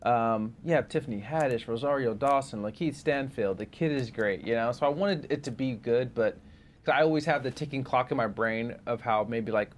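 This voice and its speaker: A man co-hosting a movie podcast in a loose, comic chat. He is animated and laughs often. A faint hiss of background noise sits under his voice. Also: medium pitch, moderate pace. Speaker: podcast co-host. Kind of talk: casual movie review chat.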